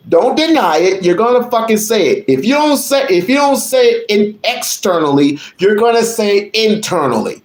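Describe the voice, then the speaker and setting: A man's voice: high-pitched, expressive, moderate pace, hardly any pauses. Profane ranting male commentator, roomy echo. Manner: profane, repetitive, increasingly shouting. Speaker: channel host.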